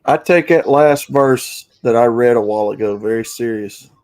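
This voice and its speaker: A man speaking slowly and earnestly in casual chat. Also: mid-range voice, a little mellow.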